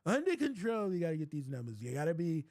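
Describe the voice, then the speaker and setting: A man's voice: on the high side, big pitch swings, fast, a little mellow, no echo, studio quality, voice pushed down. A man voicing a brash male president on a conference call, blustering and repeating himself. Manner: blustering, repetitive.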